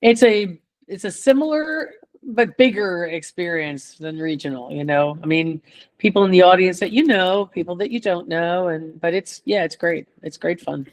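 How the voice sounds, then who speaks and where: Low-voiced older woman telling stories. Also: normal speed. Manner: lively, laughing storyteller. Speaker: guest chorus singer. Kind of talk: casual storytelling chat.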